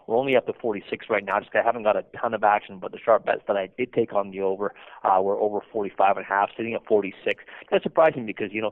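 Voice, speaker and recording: A man working as a sportsbook lines manager, talking over the phone in a halting, casual way full of restarts and fillers. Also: on the low side. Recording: tinny phone line.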